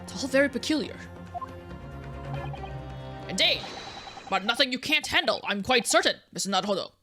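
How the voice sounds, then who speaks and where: A breezy, refined gentleman detective, read out by a woman in an airy, lightly posh manner. The voice stays fairly high and unforced. Game music runs under it. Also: expressive, normal speed, natural voice.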